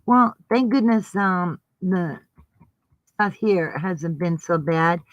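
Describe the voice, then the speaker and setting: A woman's voice: fairly low pitch, slow pace, dry recording, highs cut off. A woman on a casual live stream, greeting viewers affectionately and laughing often. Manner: warm, giggly, affectionate toward viewers.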